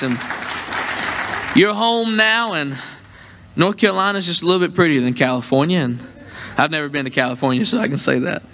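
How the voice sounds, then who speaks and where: A young man with a drawl preaching from the pulpit, trading jokes and folksy asides with his congregation. His voice sits a little high and rings bright and forceful. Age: young adult. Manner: joking, folksy and warm with the congregation. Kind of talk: sermon at a church convention.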